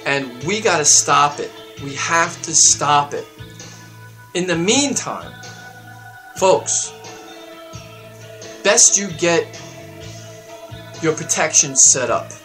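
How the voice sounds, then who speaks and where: A man hosting his own show, delivering a heated political rant that swings up into loud, high outbursts. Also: animated, takes it slowly, pauses often, soft background music. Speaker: show host. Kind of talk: ranting political monologue.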